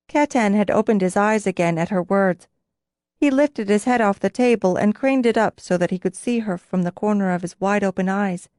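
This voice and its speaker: A woman narrating a fantasy audiobook in a measured storytelling voice. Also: mid-range voice, darkish tone, no echo, studio quality.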